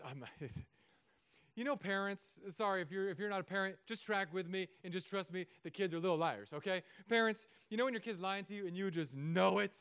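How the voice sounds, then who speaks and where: A man preaching a sermon as a pastor, telling stories with self-mocking humor and often dropping to soft, quiet tones. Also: high-pitched, clear, resonant tone.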